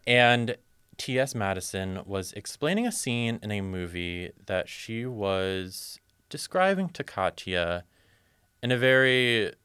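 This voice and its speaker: A young adult man co-hosting a podcast, telling a story in an expressive, playful way. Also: fairly low pitch, measured pace, clear, resonant tone, no echo. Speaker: podcast co-host. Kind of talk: casual podcast chat.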